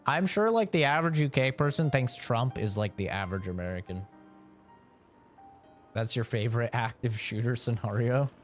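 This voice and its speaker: A man's voice: medium pitch, expressive, moderate pace. A young man chats casually on a game stream and riffs on his viewers' requests. He is loose and jokey, laughs often and swears freely. Faint music sits under his voice. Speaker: gaming streamer. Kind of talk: casual live-stream chat, reading chat requests.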